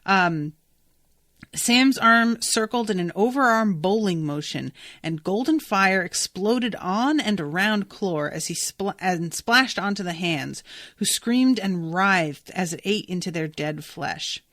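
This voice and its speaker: Excitable woman reacting to a book. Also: mid-range voice, takes it slowly, no room sound, studio quality. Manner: excitable, swears freely, laughs and reacts. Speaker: podcast host. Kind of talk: casual book-reaction podcast with read-aloud passages.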